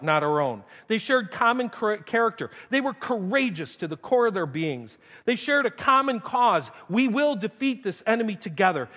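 A man preaching a sermon in a church, animated and humorous, acting out the lines of the people in the scripture. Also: high-pitched. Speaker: pastor. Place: church sanctuary. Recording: long reverb of a large hall.

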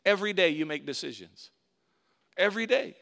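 A man's voice: high voice, expressive, fairly quick, gravelly, fairly bright tone. A man preaching a sermon in a conversational way, asking his listeners questions and repeating key phrases for emphasis. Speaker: pastor.

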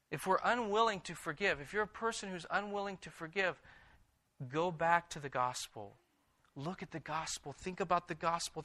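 A man delivers a sermon in a bright, forceful voice that sits a little high for a man. He reads scripture aloud, then presses his point with earnest, emphatic repetition. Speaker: pastor.

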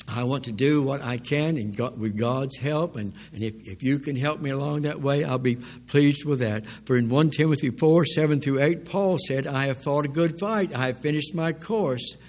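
An older man preaching a sermon, telling mission stories in an earnest, exclaiming way with a husky voice. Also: a little high, moderate pace. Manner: earnest, animated storytelling with exclamations.

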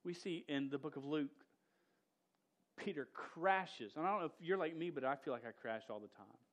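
Guy preaching, kinda high voice, casual and punchy, stumbles over words a lot. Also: lively intonation, moderate pace, a bit bright. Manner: casual and emphatic, with frequent stammered restarts; slangy, says "dude" and "man". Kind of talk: sermon.

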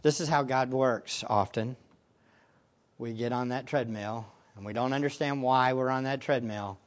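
A man preaching a sermon as pastor, animated, swinging between quiet asides and loud emphatic lines. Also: sits high. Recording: dull lo-fi recording.

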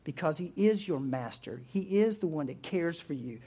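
A man preaching a sermon, who tells the story in a lively, informal way and acts out the characters. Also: a little high, moderate pace, breathy edge. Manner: animated storytelling, acting out quotes, chuckling. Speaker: pastor.

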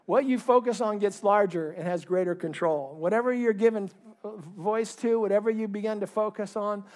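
A high-pitched male pastor preaching with fervor. His voice climbs into loud, emphatic bursts and then drops back to a quieter, earnest tone. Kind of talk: sermon.

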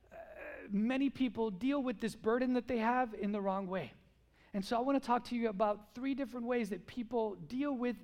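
A man preaching a sermon to his church, animated and full of rhetorical questions. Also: very high-pitched. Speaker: pastor. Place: church service.

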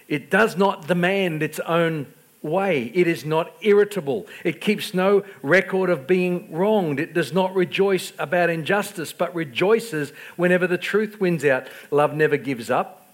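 A middle-aged man preaching a sermon, telling self-deprecating stories with stammered restarts and swinging between loud outbursts and quiet asides. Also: high-pitched, a little slow. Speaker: pastor.

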